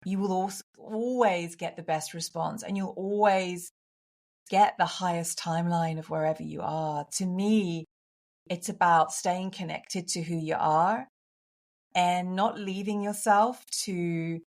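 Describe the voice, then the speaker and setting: A woman with a British accent speaks as a podcast guest, earnest and emphatic, with easy laughter breaking through. Her pitch sits in an ordinary middle range. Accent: British English. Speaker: podcast guest, coach for women. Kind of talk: casual interview conversation.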